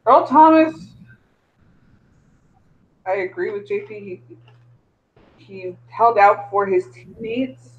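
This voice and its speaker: A man giving his opinion in a casual sports chat, in a measured way. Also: high-pitched, expressive. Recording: dull lo-fi mic.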